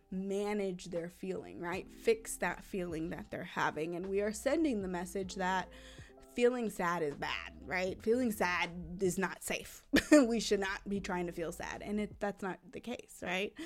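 Woman, podcast host, chatty advice talk, mid pitch, faint music bed. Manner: chatty, ends points with frequent tag questions; acts out parent phrases in a raised voice.

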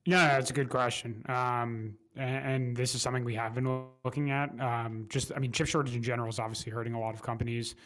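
A man speaking as an investment manager guest in a casual interview, measured and hesitant. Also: mid-range voice, steady tone, a bit bright. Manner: measured, hesitant with fillers and restarts.

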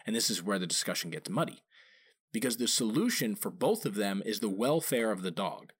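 A man's voice: lively intonation, a little fast, husky. A man who trains dogs, explaining in an informal talk and stressing points by repeating key phrases. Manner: acts out quoted voices with big pitch jumps. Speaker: dog trainer.

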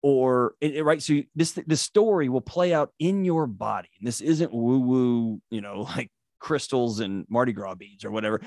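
A man's voice: mid-range voice, moderate pace, few pauses, darkish tone, dry recording. Earnest man, dry close sound. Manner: earnest, storytelling, vivid examples. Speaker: guest, mental health expert. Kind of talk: interview answer, explaining.

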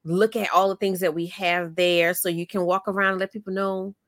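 A woman podcast host and coach in casual interview chat, talking in an animated, motivational way with many fillers. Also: medium pitch, fairly quick, no echo, clean studio sound.

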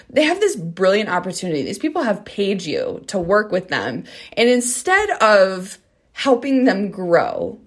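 Earnest conversational woman podcaster. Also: fairly low pitch. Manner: earnest, conversational, asks listeners "right?" and "okay?". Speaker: podcast host and dog trainer. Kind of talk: solo podcast monologue.

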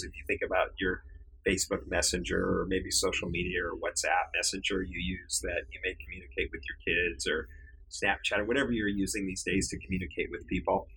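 A man's voice: low-pitched, little pitch movement, fairly quick, gravelly, sharp tone, slightly rough, rough recording. A man, a storage business founder and interview guest, telling stories casually and often repeating words as he starts sentences.

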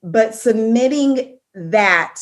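A woman's voice: on the high side, animated, extremely slow. A young woman co-hosting a casual faith podcast, talking reflectively and laughing between her thoughts. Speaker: podcast co-host. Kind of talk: faith-based casual chat.

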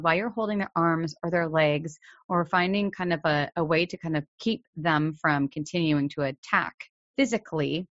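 A woman with a lowish voice hosts a parenting podcast, speaking earnestly and directly to the listener. The recording is dry and close, with a slightly dull, muffled top end. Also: fairly bright tone, dry recording. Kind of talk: solo podcast talk.

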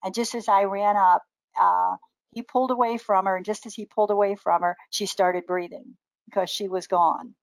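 An older woman chats as a guest, spinning animated stories and slipping into the voices of the people in them. Her voice sits mid-range and sounds dry and close. She laughs easily between lines. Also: mid-range voice, normal speed, gravelly, no echo, poor audio. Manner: lively anecdotal, laughs often, acts out quoted voices. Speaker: guest naturopathic doctor. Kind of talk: casual storytelling.

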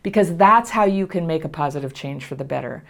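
Middle-aged woman, lowish voice, gentle reassuring teacher, soft laughs. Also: animated, fairly quick, gravelly. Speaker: therapist teaching about trauma recovery. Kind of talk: casual spoken lesson to camera.

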